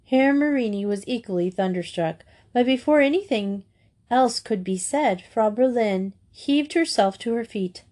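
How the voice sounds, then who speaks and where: Frau mit weicher, warmer Erzählstimme. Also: female voice, a little high, lively intonation, measured pace. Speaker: audiobook reader. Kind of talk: storybook narration.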